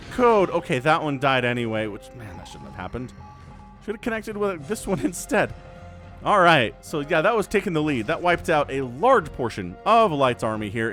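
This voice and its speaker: A man casting a real-time strategy match solo, with an excitable, jokey delivery. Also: a little high. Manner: animated, excitable, jokey asides. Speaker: esports caster. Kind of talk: solo game commentary.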